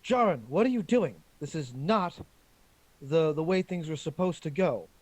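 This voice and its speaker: A man's voice: on the high side, lively intonation, moderate pace, no echo, voice pushed up. A man voicing a distressed woman leaving urgent, pleading magical messages.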